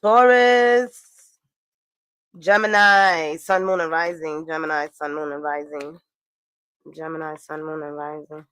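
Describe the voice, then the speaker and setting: A woman's voice: sits low, little pitch movement, normal speed, bright, forceful tone, clean tone, no room sound. Young woman w/ doing a loose tarot reading, chatty, cusses a lot, dry close mic. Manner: chatty, swearing, laughing asides. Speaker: tarot reader. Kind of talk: casual astrology and tarot reading.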